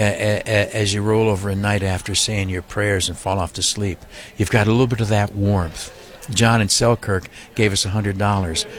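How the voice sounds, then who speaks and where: A man hosting a live radio fundraiser appeal, earnestly pleading with listeners, repeating himself and stammering through fillers. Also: fairly low pitch. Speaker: radio host running a hospital fundraiser. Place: radio studio.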